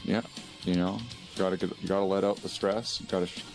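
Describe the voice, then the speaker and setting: Low-voiced joking guest streamer. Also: male voice, level tone, faint music behind. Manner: playful storyteller, quick to tease. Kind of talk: casual live-stream chat.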